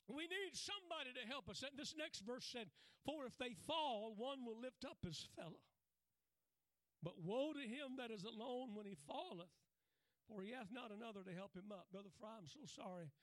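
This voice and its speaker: Male preacher, high bright voice, folksy storyteller, sprinkles amens and little laughs, dry close sound. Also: dry recording. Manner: folksy, punctuates with "Amen" and "Praise God", chuckles often. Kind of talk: sermon.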